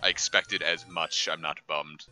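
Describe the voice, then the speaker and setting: A man's voice: very deep voice, steady tone, a little slow, pushed and bright, soft background music. A man streaming a game, making rambling jokes and asides full of fillers. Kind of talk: casual gameplay commentary.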